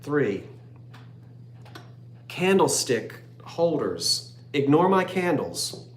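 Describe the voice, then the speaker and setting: A man's voice: fairly high pitch, big pitch swings, drawn-out words, echoey room, slight background noise. A man in his fifties hosting a live online antique sale, rambling and joking as he reads out viewers' comments. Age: 50s. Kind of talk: chatty live-stream sales talk.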